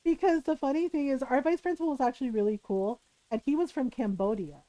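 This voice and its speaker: A woman streamer telling a story in casual chat, animated, often tagging lines with "right?" and laughing. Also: sits high, fast, dry recording, poor audio.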